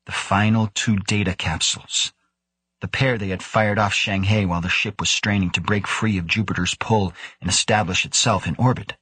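A man reading an audiobook in scripted narration, with measured, even delivery and lightly voiced dialogue. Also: low-pitched, husky, no echo.

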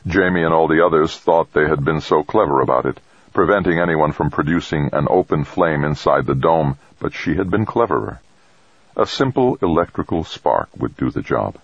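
A man narrating a science fiction story in a steady, dramatic reading. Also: a bass voice, normal speed, no room sound. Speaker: audiobook narrator. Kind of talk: scripted narration. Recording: dull, dry close recording.

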